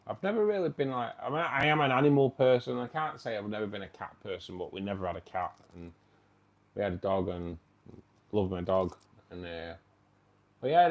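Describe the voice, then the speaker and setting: A man's voice: on the low side, vocal fry. A man with a British accent hosting a casual livestream, chatty and slangy, laughing often. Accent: British English. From United Kingdom. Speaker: aquarium channel host.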